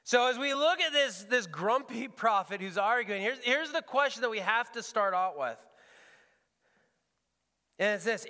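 A man's voice: extremely high pitch, bright, forceful tone, clean tone, long reverb tail. A man preaching as a pastor, earnest and often repeating words as he searches for the phrasing. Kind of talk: sermon. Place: church sanctuary.

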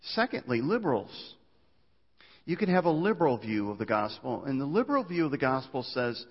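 A man preaching from the pulpit, his voice carried on a long reverb through a large hall and sounding slightly muffled. He moves between loud, raised stretches and quieter ones, tripping over words and restarting as he goes. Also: medium pitch, a little fast, breathy edge. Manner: animated preaching with frequent stammered restarts. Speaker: pastor. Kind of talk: sermon.

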